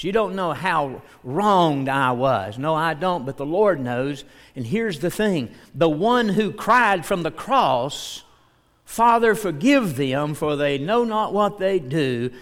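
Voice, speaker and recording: A man preaching a sermon as pastor, speaking earnestly and reading scripture aloud. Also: high voice. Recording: long hall reverb.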